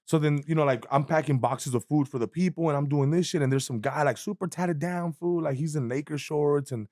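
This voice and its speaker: A man, telling an animated story as a guest comedian in a casual chat, swearing freely and acting out voices. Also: a little high, fairly quick, no echo, studio quality.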